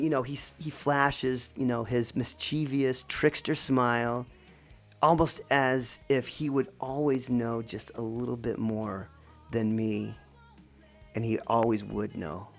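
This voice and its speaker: Woman with a deep voice for a reflective, meandering personal story; light music underneath. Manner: reflective, rambling, with many restarts.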